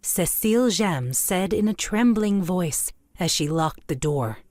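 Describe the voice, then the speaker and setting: Woman reading a kids story, calm measured narration, kinda low voice. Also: no echo.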